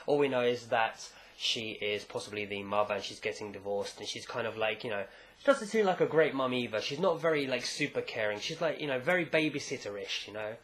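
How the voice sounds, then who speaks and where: A man casually recapping a comic chapter, rambling and animated, with jokey asides. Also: mid-range voice, a little fast. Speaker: manga chapter reviewer.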